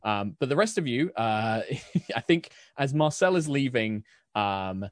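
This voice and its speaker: Casting: easygoing male game master, mid pitch, dry close sound. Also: expressive, no room sound. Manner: casual, quick, laughing asides. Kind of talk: narrating a tabletop game.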